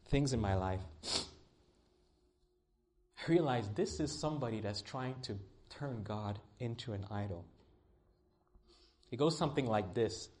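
A male pastor preaching a sermon in an emphatic way, swinging between loud stretches and hushed ones. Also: on the low side.

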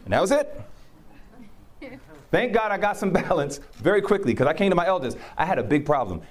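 A man's voice: high voice, a little fast. A man preaching and telling stories from his own life, acting out what people said and laughing often. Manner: animated storyteller who acts out quotes. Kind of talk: testimony in conversation.

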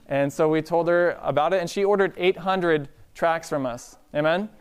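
Clear-voiced male preacher telling stories. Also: fairly high pitch, measured pace. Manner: conversational, calls out "Amen?" to the congregation. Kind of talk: storytelling sermon.

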